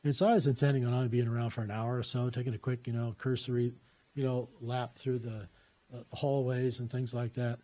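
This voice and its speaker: A man's voice: mid-range voice, level tone, a little fast, mellow. A man telling a personal story in a casual, rambling way, with lots of "uh" fillers and restarts.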